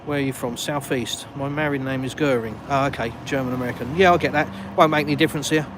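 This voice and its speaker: Southern english guy walking around chatting to his stream, self-mocking, loud street noise behind. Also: medium pitch, steady tone, quick pace. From England. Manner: chatty, self-mocking, answers viewers casually. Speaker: live-stream host. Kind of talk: live stream chat, reading comments. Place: outdoors in a village, walking. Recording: noisy outdoor phone stream. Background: passing cars and street noise.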